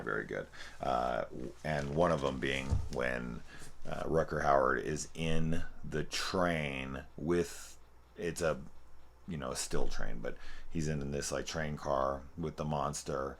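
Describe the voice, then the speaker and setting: A man with an extremely low, deep voice talks through a film review in a loose, rambling way. He swears freely, laughs at the scenes he recounts and keeps restarting his sentences. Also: fairly even intonation, measured pace, a bit bright. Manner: rambling, profane and amused, with loose restarts and playful quoting. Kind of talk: casual spoken movie review.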